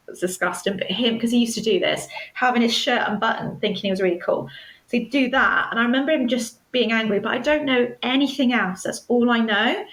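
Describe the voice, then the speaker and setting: A woman, a guest telling her personal story in a podcast interview, earnest and measured. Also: fairly high pitch, fairly bright tone, reverberant, low-quality recording. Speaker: guest, stalking survivor.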